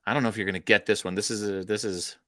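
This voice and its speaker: A low-pitched man co-hosting a relaxed podcast chat. He trades playful jokes and chuckles through his lines. His voice sounds close and dry, with no room echo. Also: rapid-fire. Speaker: co-host. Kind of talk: casual banter.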